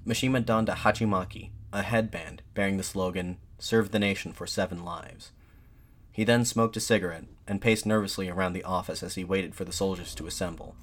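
A man giving measured, scripted documentary narration. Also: low-pitched, steady tone, fairly bright tone.

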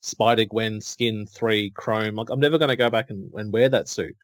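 A middle-aged man co-hosting a podcast, an animated storyteller who acts out dialogue and laughs often. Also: fairly low pitch, moderate pace, dry recording. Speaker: podcast co-host. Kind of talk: casual chat.

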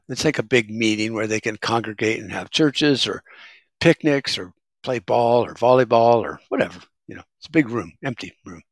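A middle-aged male vlogger delivers a casual, rambling monologue full of sarcasm and wisecracks, calling himself a smartass. His mid-range voice comes through on a dry recording.

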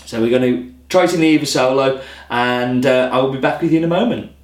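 A man's voice: medium pitch, fast. A man hosting a coffee vlog in casual chat to camera, rambling and self-deprecating. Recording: roomy echo.

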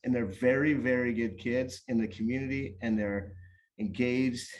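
A man talking in a casual podcast chat, telling a long story about volunteer youth coaching in an animated, rambling way with frequent restarts. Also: medium pitch, moderate pace. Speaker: guest or co-host, youth soccer coach.

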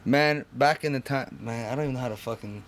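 A man's voice: mid-range voice, fast, over a noisy crowd. Laid-back guy on a podcast telling a story, drops swears, easygoing. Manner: relaxed storyteller, swears casually. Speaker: guest. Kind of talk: casual podcast chat.

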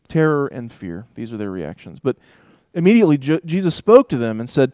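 A man teaching a Bible passage in a relaxed, conversational way, reading verses aloud and thinking out loud with asides. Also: mid-range voice, a little fast, hardly any pauses, no room sound, studio quality. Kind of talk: casual Bible study talk with scripture reading.

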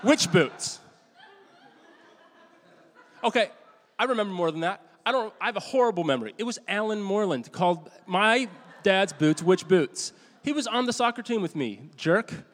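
A middle-aged male pastor delivers a sermon in a rambling, conversational storytelling manner, with frequent restarts and self-deprecating asides. His voice sits a little high for a man. A long reverb trails after each phrase, as if he is preaching in a church hall. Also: lively intonation, brisk, few pauses.

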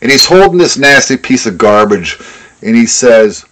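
A man co-hosting a podcast in loose, profane chat. His voice sits at an ordinary pitch but moves a great deal, rising and falling as he rambles through strong opinions. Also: sing-song, normal speed, fairly bright tone. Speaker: podcast co-host.

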